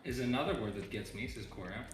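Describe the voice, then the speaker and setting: A man's voice: mid-range voice, fast, music in the background. A man hosting a game development live stream, joking casually and reading out chat messages. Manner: relaxed, joking, reads chat aloud. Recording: roomy echo.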